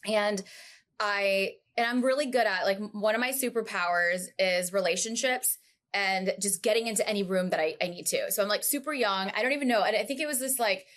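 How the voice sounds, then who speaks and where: A woman guest on a podcast, telling her story in a casual, animated, chatty way full of asides. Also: mid-range voice, a little fast.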